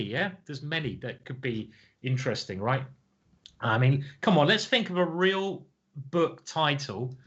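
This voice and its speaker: A man's voice: mid-range voice, a bit bright, lo-fi sound. Chuckling, rambling man streaming chess commentary. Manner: rambling and jokey, chuckling at his own stories. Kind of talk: casual live-stream chat. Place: home streaming setup.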